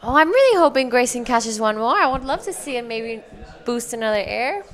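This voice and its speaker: A female surf commentator walks through each ride turn by turn, upbeat and precise. She sounds engaged and admiring while keeping the analysis clear. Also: fairly high pitch, sing-song, a little fast. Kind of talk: live sports commentary.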